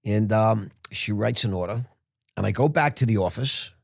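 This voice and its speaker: A man's voice: on the low side, moderate pace, creaky, no echo, clean studio sound. A man in his sixties, a podcast guest, telling a rambling, frank story with restarts and the odd curse word. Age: 60s. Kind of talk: casual interview storytelling.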